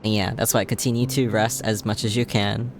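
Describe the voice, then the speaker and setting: A man's voice: on the low side, flat delivery, brisk, noisy background. A man hosting a casual game livestream, tired and playful, laughing a lot as he chats with viewers. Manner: playful, giggly, chatting to viewers. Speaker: livestream host. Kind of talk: casual game-stream chat. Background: game music.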